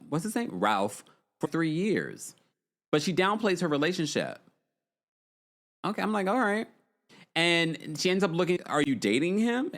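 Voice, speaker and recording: A man's voice: mid-range voice, fairly bright tone. A man hosting a casual livestream recap, chatting and reading out viewer comments as he reacts. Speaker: recap show host.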